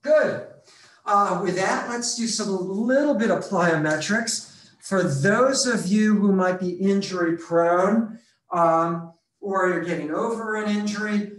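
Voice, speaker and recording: A man coaching a live running workout over a video call, counting reps aloud and a bit out of breath, clearing his throat now and then. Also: high voice, echoey room. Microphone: computer mic on a video call.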